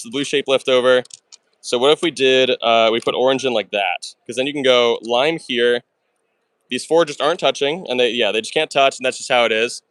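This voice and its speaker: A man live-streaming himself solving puzzles, talking fast and chatty through every move, with excitable outbursts and thanks to chat. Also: mid-range voice, clear, resonant tone, no room sound. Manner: fast and chatty, talks through his moves; excitable, bursts of exclamations.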